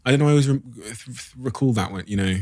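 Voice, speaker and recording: A man's voice: mid-range voice, rapid-fire, dark tone, no room sound, clean studio sound. A male podcast host talking reflectively, searching for words as he shares personal memories and asks questions. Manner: thoughtful, searching for words with fillers. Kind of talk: reflective interview conversation.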